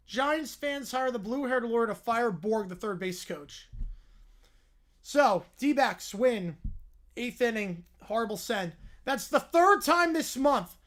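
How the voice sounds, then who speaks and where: A woman's voice: on the high side, animated, a little slow. A woman hosting a livestream, reading comedy sketches aloud and jumping into character voices. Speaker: livestream host.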